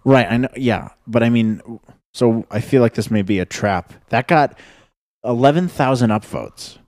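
Male podcast host, mid pitch, dry close sound, blunt. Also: normal speed, darkish tone, no room sound. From United States. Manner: blunt, sweary, reads captions aloud. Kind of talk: casual podcast chat.

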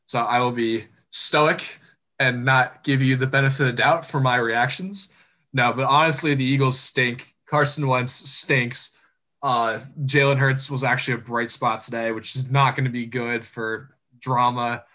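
Young male co-host, bright forceful tone, wry joking delivery, casual sports talk. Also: mid-range voice, steady tone, normal speed. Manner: joking, sarcastic, laughs often.

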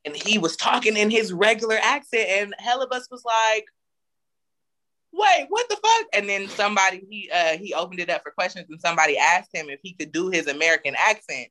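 A woman co-hosting a casual chat, telling animated, profane stories. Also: on the low side, quick pace, hardly any pauses. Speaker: podcast co-host.

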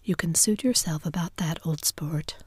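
A woman's voice: on the low side, normal speed, mellow, slightly rough, no room sound. Woman whispering as an earnest composed young man, whispered role-play. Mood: steady.

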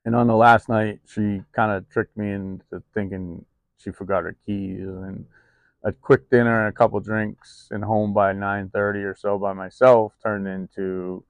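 A man's voice: lowish voice, little pitch movement, measured pace, clean tone, no room sound. A man talking candidly in a personal vlog, rambling and confessional with many ums and restarts, recorded outdoors in the cold. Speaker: vlogger.

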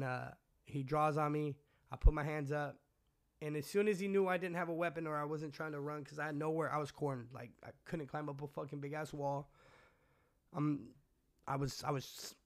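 A man from California tells his story in a loose, rambling way, swearing constantly and dropping slang as he goes. His voice sits a little high for a man. It is an interview, and he is the guest. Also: fairly bright tone, clean tone. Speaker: guest recounting his past. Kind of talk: casual storytelling.

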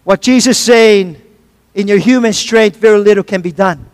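Male pastor, high voice, repetitive, call-and-response sermon, heard off-mic in a long-echo hall. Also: normal speed, clear, resonant tone. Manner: preaching with call-and-response asides; repeats phrases for emphasis, some stumbles.

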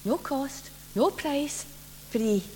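A woman's voice: sits high, expressive, drawn-out words, mellow, voice pushed up, full character voice. A woman voicing a kind, patient mother in a story told during a sermon. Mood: calm. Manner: soothing, reassuring. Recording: reverberant church, faint hum.

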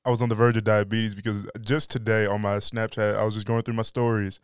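A man's voice: fairly low pitch, flat delivery, fast, few pauses, clear, resonant tone, no room sound. A young man hosting a casual podcast, joking and swearing, often breaking off mid-sentence to restart. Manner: swearing, joking, self-interrupting. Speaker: podcast host. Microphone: podcast microphone.

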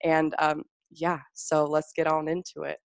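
A young woman hosts her podcast in loose, gushing chat, swearing freely and piling on fillers. Her voice sits a little low. The mic is close and dry, with no room sound. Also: completely flat delivery, measured pace, gravelly, no room sound. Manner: gushing, profane, filler-heavy. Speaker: podcast host. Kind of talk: casual chat.

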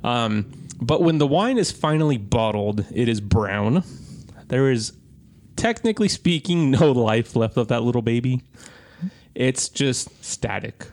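A man in his thirties co-hosting a podcast, telling an animated story in casual chat and swearing freely. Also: medium pitch, unhurried. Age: 30s. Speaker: podcast co-host.

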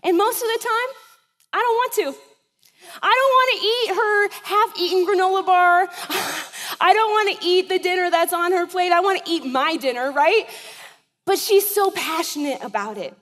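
A woman's voice: very high-pitched, normal speed, a bit bright, long reverb tail. A woman in her thirties preaching a sermon in a church, with a conversational style that keeps checking in with the congregation. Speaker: pastor.

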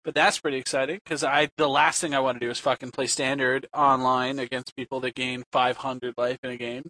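A man hosting a podcast in a relaxed, casual way, chatting and wrapping up the show. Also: medium pitch, fairly quick, no room sound. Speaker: podcast host. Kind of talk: casual chat.

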